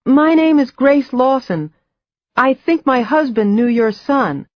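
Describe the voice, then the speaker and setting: A narrator voicing a tense, guarded woman character in an audiobook, speaking quietly and hesitantly. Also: high-pitched, lively intonation, slow pace, no room sound, dull audio, pitched above the performer's own voice.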